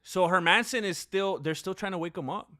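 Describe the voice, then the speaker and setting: A man with a high voice gives casual live fight commentary as a streamer, talking briskly. He is chatty and animated, filling his talk with lots of fillers and asides.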